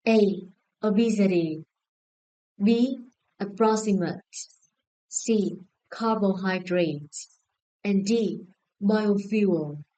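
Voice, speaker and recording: A woman English teacher with a Vietnamese accent reads her lesson aloud at an unhurried, careful pace. Her voice is soft and mellow, never bright. She pauses after each word and syllable as she goes through her answers. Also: medium pitch, low-quality recording. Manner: slow, deliberate, spelling out each word and syllable. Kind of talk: scripted lesson narration.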